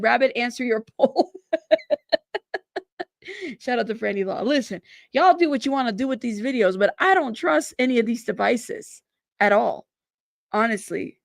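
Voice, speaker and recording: A young woman hosts a casual livestream, talking to her chat in a high, lively voice. She reads viewer comments aloud and laughs easily. The sound is dry and close to the mic. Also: gravelly, no echo. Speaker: livestream host.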